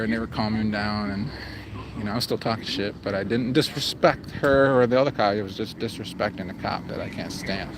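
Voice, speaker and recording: A man's voice: on the low side, background noise. Blunt, profane man livestreaming outdoors. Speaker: livestream vlogger. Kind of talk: casual livestream chat. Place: outdoors in a public area.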